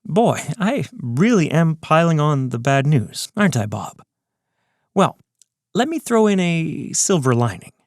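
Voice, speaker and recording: A man's voice: a little high, big pitch swings, measured pace, no room sound, clean studio sound, pitched above the performer's own voice. A man doing a smug, mocking male villain. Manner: mocking, condescending. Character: smug scheming male villain taunting over video.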